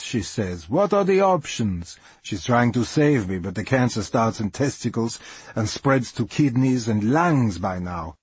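A middle-aged man telling a dramatic first-person story in plain, non-native English, dropping articles, with a measured, wry delivery. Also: mid-range voice, a little mellow, breathy edge, dry recording.

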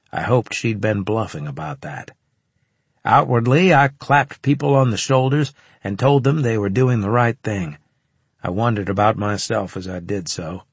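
A man narrating a first-person audiobook in a steady, measured manner. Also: fairly low pitch, husky, dry recording.

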